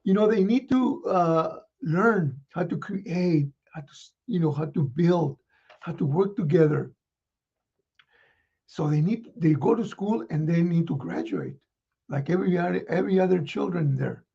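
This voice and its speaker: A man playing Santa Claus, reading children's letters with a folksy chuckle and many pauses. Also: high-pitched, creaky, dark tone, breathy edge, muffled recording. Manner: chuckling, folksy, halting with fillers.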